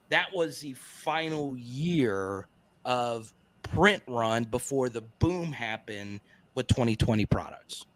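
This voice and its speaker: A man's voice: mid-range voice, lively intonation, slow pace, fairly bright tone, no room sound. A man chatting as a guest analyst on a live stream, emphatic, often tagging his points with "right?" and "okay?". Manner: emphatic, keeps checking in with 'right?' and 'okay?'. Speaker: guest card market analyst. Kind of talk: casual live-stream chat.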